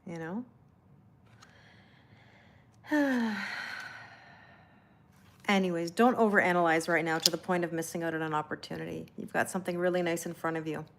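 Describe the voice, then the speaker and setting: Hosting a laid-back live tarot reading, this woman talks and laughs with her audience and reads their comments aloud in a reassuring manner. Her fairly low voice holds a steady tone at a normal pace, broken by long pauses.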